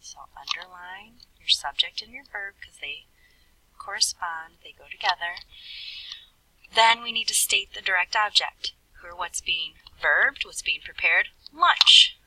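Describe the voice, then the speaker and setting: Teacher type: woman with a low, bright-edged husky voice, patient step-by-step explainer, recorded at a distance on a computer mic. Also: a little slow. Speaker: Spanish teacher. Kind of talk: recorded classroom lesson with screen writing.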